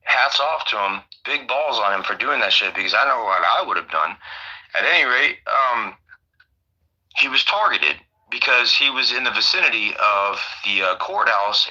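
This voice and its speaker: A man's voice: lowish voice, animated, normal speed, sharp tone, breathy edge, muffled recording. A man in casual chat, rambling and swearing with lots of fillers. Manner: rambling, profane, many fillers.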